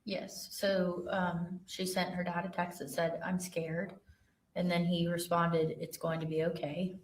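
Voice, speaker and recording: A woman with a very low voice testifies as an investigator, reading text messages aloud in a plain, steady way and pausing on fillers. She is picked up from a distance in a roomy, echoing courtroom. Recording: roomy courtroom audio from far off.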